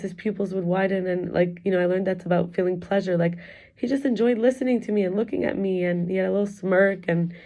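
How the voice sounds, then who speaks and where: A middle-aged woman speaking in a low, mellow voice, candid and confessional as she reflects on her year. Her talk rambles and restarts in a personal vlog way. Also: muffled recording. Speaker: wellness coach and teacher.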